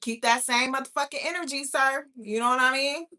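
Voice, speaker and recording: A young woman hosting a casual livestream, reading viewer comments and telling stories in a blunt, profane, animated way. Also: sits high, brisk. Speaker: livestream host.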